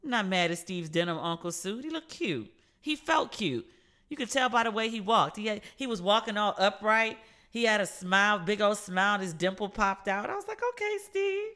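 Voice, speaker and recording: A woman hosting her own podcast and chatting casually, telling gossipy stories in a lively way and acting out the people she quotes. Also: mid-range voice, moderate pace. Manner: animated, gossipy storytelling with quoted voices. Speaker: podcast host. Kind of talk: casual solo podcast chat.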